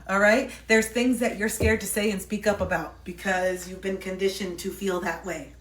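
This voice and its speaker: A woman's voice: medium pitch, steady tone, moderate pace, hardly any pauses, a bit bright, echoey room, recorded from a distance. A woman giving a live tarot reading to viewers. She sounds intimate and reassuring, repeats her key phrases and keeps checking in with "okay?". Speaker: tarot reader.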